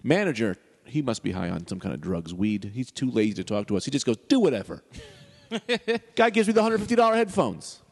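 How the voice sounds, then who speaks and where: Male podcast co-host, rambling casual storyteller, animated delivery, reverby room. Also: mid-range voice, fairly quick, gravelly.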